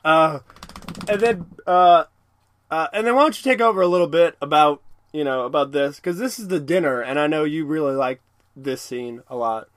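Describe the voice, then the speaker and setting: A man's voice: a little high, moderate pace, no room sound. A man co-hosting a podcast, chatting loosely about a cartoon episode, rambling and laughing often. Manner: rambling, laughs often, quotes characters in silly voices. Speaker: podcast co-host. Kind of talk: casual chat recapping a cartoon episode.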